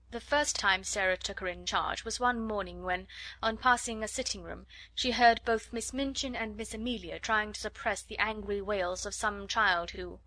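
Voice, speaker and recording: A woman narrating a classic storybook in an expressive, measured reading. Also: medium pitch, no echo.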